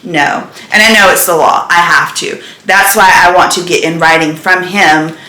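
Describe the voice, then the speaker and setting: With a lowish, sharp-toned voice and fairly even intonation, this woman talks at a moderate pace. She's a lifestyle vlogger addressing the camera in a candid, casual way, sometimes nearly whispering, and the room echoes around her.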